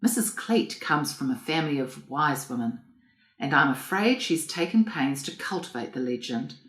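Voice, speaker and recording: Woman reading as a grave country doctor. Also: low voice. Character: male country doctor, calm and troubled. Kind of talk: audiobook reading. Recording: roomy echo.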